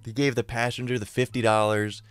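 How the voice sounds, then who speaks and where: Excitable young man telling a story. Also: a little fast, clean tone, no room sound, faint music behind. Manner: excitable, slangy and profane, often rising in pitch and volume. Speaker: storyteller YouTuber. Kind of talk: casual storytime narration.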